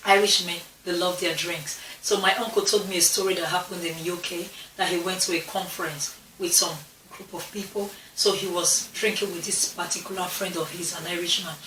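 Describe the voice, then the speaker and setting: A woman's voice: on the low side, steady tone, normal speed, hardly any pauses, bright, forceful tone, distant mic, a little hiss or hum. Chatty woman vlogger with a roomy echo. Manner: chatty, repeats herself, restarts phrases. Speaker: vlogger talking to her channel. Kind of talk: casual chat to camera. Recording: roomy echo, a bit off-mic.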